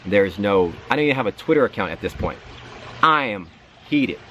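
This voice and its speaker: A man running a sports channel, telling a long story in casual commentary with lively asides and acted-out reactions. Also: lowish voice, brisk, muffled recording, a little hiss or hum. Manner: animated storytelling, repeats words, acts out his own reactions.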